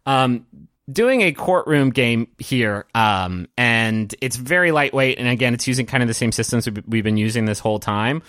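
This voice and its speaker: A man running a tabletop game, narrating scenes in a halting way that is full of fillers. His voice sits at an ordinary pitch. The sound is close and dry. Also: animated, a bit bright, dry recording. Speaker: game master.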